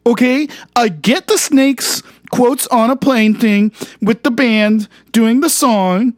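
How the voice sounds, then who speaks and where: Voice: mid-range voice, slow pace, no echo, studio quality, natural voice. A performer voicing a boastful, crude male frog athlete in improvised comedy banter, rambling and cocky.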